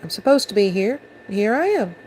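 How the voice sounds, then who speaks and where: A woman voicing a calm, self-assured female collie who speaks in a matter-of-fact way. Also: medium pitch, fairly quick, slight background noise, lightly acted, poor audio. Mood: unbothered.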